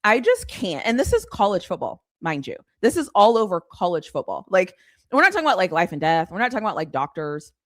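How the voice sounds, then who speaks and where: Animated exasperated woman ranting. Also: medium pitch, fast talker, no echo, studio quality. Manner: animated, exasperated, blunt, sarcastic. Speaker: sports commentary host. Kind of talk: casual live-stream rant.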